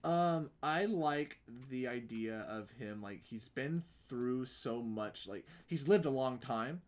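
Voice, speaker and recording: An American man co-hosting a laid-back podcast, his pitch sitting in the middle for a man. He rambles and swears freely as he chats. His delivery is loose and animated. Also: takes it slowly. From United States. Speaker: podcast co-host. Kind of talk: casual chat.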